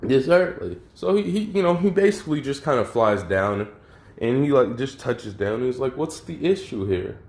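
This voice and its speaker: A man's voice: mid-range voice, moderate pace, darkish tone. A man casually retelling a fan story, rambling with lots of fillers and crude slang. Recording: roomy echo.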